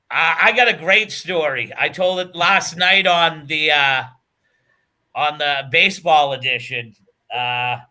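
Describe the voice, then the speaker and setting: Bright high-voiced male show host. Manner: laughing storyteller. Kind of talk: casual chat.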